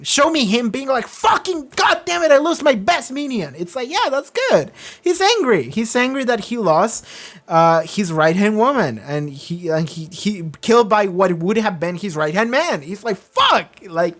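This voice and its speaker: Rambling, profane casual reactor. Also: medium pitch. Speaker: YouTube show reactor.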